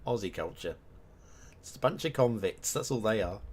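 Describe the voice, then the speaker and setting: A man's voice: fairly low pitch, lively intonation, moderate pace, a little mellow, slightly rough. A man chatting casually on a live game stream, rambling between topics and humming to himself as he works. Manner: rambling, hums and mutters to himself while working. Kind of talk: casual live-stream chat while map making.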